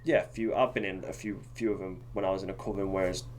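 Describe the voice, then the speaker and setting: A man's voice: deep voice, steady tone, quick pace, a little mellow, a little hiss or hum. A man co-hosting a podcast, chatting casually and rambling with lots of fillers and restarts. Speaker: podcast co-host. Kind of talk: casual chat.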